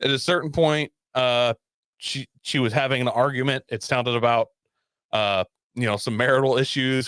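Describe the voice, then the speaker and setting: A man casually telling a story on a talk show, animated and profane, laughing often. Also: medium pitch, normal speed, clear, resonant tone, no room sound, clean studio sound. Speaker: podcast guest telling a story.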